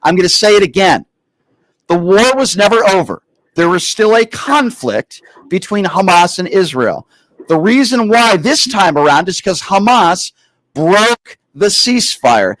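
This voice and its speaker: Guy hosting a call-in show, talks down to callers, fairly high pitched, dry sound. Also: very animated, a bit bright, no echo, rough recording. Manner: condescending, insulting, deliberately slow and repetitive. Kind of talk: political call-in talk show.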